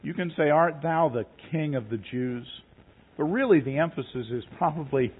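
Guy preaching, reads verses slow then talks it through casual, sounds like a phone line. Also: on the high side, lively intonation, husky. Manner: reads scripture slowly, then paraphrases conversationally. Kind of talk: sermon with scripture reading. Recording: tinny phone-like recording.

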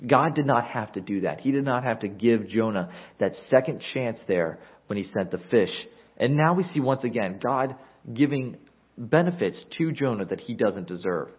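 A man's voice: mid-range voice, expressive, moderate pace, husky. A man preaching an earnest expository sermon, reading scripture aloud and explaining it to his listeners. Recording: tinny phone-like recording.

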